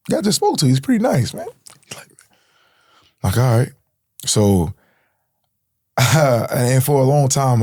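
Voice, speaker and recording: Young guy on a podcast, lots of bro and man, low warm voice, dry mic. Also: dry recording. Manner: slangy, street talk, says bro and man a lot. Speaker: podcast guest. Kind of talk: emotional storytelling.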